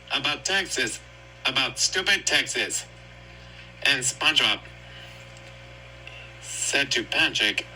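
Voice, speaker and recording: A man's voice: medium pitch, sharp tone, a little hiss or hum, poor audio. A man casually retelling a cartoon episode in a rambling, repetitive way. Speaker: storyteller.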